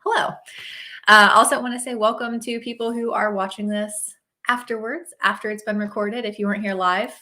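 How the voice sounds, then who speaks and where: Bubbly, bright-voiced woman hosting a livestream. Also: medium pitch, fairly even intonation, a little fast. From Oregon, USA. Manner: chatty, upbeat, greets viewers by name. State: slight cold, sniffly. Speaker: host. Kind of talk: casual livestream chat.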